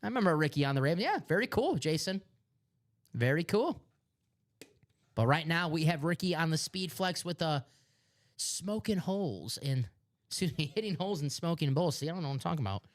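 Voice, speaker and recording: A man's voice: on the high side, animated, a little fast. Male live-stream host, Chicago accent, upbeat salesy banter with jokes. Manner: upbeat, joking, hyping items.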